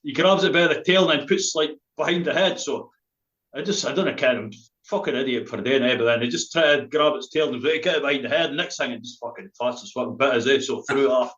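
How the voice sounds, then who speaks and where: A man's voice: mid-range voice, quick pace, fairly bright tone, reverberant, highs cut off. Swearing Scottish man telling a story. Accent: Scottish, Dundee. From Scotland. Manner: rambling, laughing, heavy local slang. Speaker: spoken word poet, guest.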